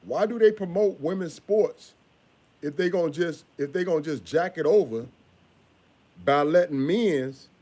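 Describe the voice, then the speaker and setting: A father talking casually in a vlog, repeating himself and scolding in a drawn-out way. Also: on the high side, a little mellow.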